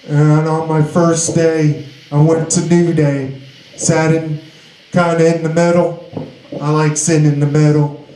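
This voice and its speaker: A young man tells his own story slowly and haltingly, restarting sentences as he goes. His voice is fairly high yet mellow. The recording sits in a noticeably echoey room. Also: flat delivery. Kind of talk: personal recovery story.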